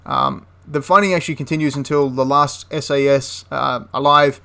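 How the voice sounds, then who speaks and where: A man's voice: medium pitch, fairly even intonation, normal speed, gravelly, bright, forceful tone, clean tone. A young man casually retelling a wartime history story, chatty and prone to correcting himself mid-sentence. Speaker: history channel host.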